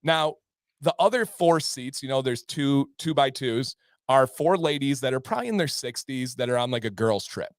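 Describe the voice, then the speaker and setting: A man's voice: mid-range voice, normal speed, no echo, studio quality. A man co-hosting a show, telling a story casually and acting out the people in it. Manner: animated, acts out voices in the story. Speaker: podcast co-host.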